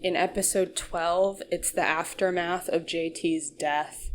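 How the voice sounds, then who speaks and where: A woman's voice: lowish voice, steady tone, takes it slowly. A young woman giving a casual, joking recap of a TV show, full of sarcastic asides. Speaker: YouTube commentator.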